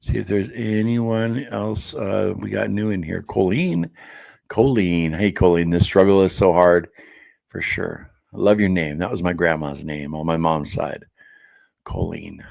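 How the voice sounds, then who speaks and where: A man with a very deep, low-pitched voice hosts a casual live stream from his home office. He reads viewer comments aloud and chats back in an easygoing way, full of fillers and quick laughs. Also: steady tone, creaky, a little mellow. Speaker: host of a diet support live stream.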